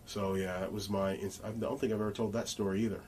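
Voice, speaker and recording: A man as an interview guest, telling casual anecdotes in an animated, blunt way with some profanity. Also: lowish voice, quick pace, far from the mic, a little hiss or hum.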